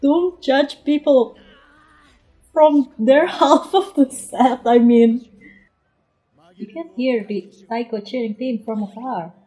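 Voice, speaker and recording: A woman doing live reaction commentary on an anime episode as a vlogger, excitable, with frequent exclamations and laughter, dropping into quiet murmured asides. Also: high-pitched, takes it slowly, long pauses.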